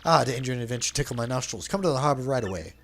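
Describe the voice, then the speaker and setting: A man's voice: medium pitch, lively intonation, racing, natural voice. A man voicing a flamboyant, pompous male trader and sailor in a video game dub, with grandiose, overly formal phrasing. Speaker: let's play dubber.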